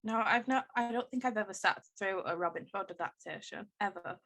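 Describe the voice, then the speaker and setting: A woman co-hosting a podcast, talking in a chatty, enthusiastic way with quick laughs. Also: mid-range voice, fairly bright tone. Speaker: podcast co-host. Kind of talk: casual chat.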